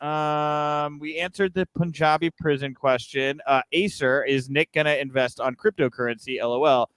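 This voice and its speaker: Male podcast host, relaxed joking delivery, higher-pitched, dry close mic. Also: moderate pace, clean tone, no room sound. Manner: loose and joking, with frequent fillers. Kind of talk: casual live news chat, reading viewer comments.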